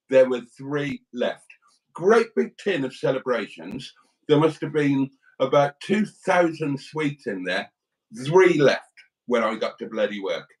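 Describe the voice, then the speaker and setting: A man's voice: a little high, recorded from a distance, low-quality recording. A British man hosting a livestream, rambling through anecdotes and calling his viewers darlings. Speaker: livestream host. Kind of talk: casual livestream chat.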